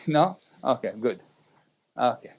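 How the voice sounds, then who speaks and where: A man's voice: mid-range voice, lively intonation, takes it slowly, vocal fry, breathy edge, lo-fi sound. A man giving a motivational seminar talk in non-native English, direct and often checking in with the audience. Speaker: seminar speaker.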